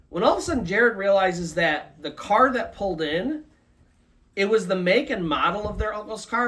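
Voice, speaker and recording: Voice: medium pitch, a bit bright. A storyteller giving a live, loosely conversational retelling of a ghost story. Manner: loose conversational telling with many "like" and "kinda".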